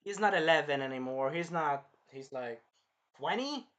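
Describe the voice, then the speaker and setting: A man in his early twenties giving a rambling, casual movie review, jumping between topics with sudden loud outbursts. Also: a little high, moderate pace. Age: early 20s. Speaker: film reviewer.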